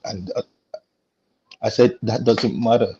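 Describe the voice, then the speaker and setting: A man's voice: on the low side, fairly even intonation, a little slow, mellow, dull audio, a little hiss or hum. A man with a Nigerian accent in a casual panel discussion, telling an indignant story and acting out the exchanges.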